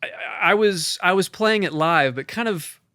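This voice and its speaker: A man with a slightly high, bright, forceful voice chats casually as a composer on a podcast. He rambles with enthusiasm, full of "like" and restarts, close to a dry microphone. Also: animated, moderate pace, clear, resonant tone, no echo. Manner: enthusiastic, loose, with frequent fillers. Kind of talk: casual conversation about synths.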